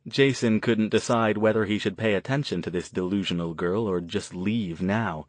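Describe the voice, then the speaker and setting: A man narrates an audiobook in a measured, even manner. His voice sits fairly low and the recording is dry and close, with no room sound. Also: no room sound. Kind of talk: scripted narration.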